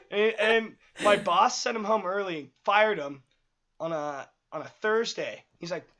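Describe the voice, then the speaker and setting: High-voiced young man telling stories. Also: measured pace, sharp tone. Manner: rambling storyteller, many likes and laughs. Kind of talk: casual chat.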